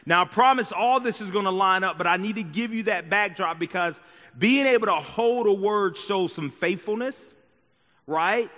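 Pastor, male, bright forceful voice, casual preaching style, church hall echo, slightly dull recording. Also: sits high. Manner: conversational preaching with frequent "right?" and "okay?" asides. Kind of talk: sermon. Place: church sanctuary. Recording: dull sound with long hall reverb.

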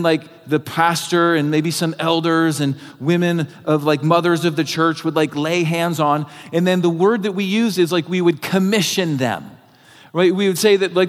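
High-voiced pastor preaching in a reverberant hall. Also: male voice. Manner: conversational, earnest, many filler "like"s. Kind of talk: sermon.

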